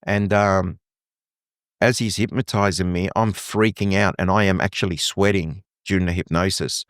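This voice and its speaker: Middle-aged male guest from Lebanon, lowish pitch, dry close mic, lively storyteller. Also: normal speed, no room sound. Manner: animated storytelling, acting out quoted dialogue. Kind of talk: conversational interview.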